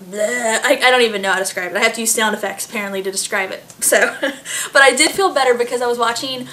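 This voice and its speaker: A woman's voice: on the high side, fast, bright, forceful tone. A pregnant woman in her late twenties chatting casually to her vlog audience, giggling often and filling her talk with fillers. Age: late 20s. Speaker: vlogger. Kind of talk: casual chat.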